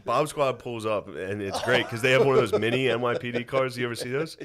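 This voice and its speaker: A man's voice: medium pitch, fairly even intonation, quick pace, a crowd in the background. A man co-hosting a podcast, telling stories in a dry, wry way. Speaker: podcast co-host. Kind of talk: casual podcast banter.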